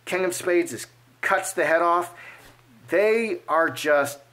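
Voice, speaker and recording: This card reader's pitch is high and his pace slow. He chats through a fortune-telling reading in a lively, playful manner, voicing imagined dialogue as he goes.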